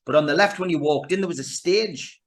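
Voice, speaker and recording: A middle-aged man, telling stories as a guest in a casual interview, animated and full of restarts. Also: on the high side, brisk. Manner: animated storyteller with many restarts and fillers. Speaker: guest, actor and filmmaker.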